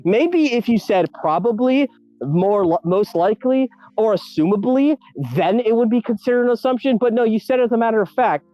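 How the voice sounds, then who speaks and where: A man's voice: very high voice, fairly quick, mellow, faint music behind. A man in a heated online voice-chat debate, combative and mocking, repeating taunts and cutting in.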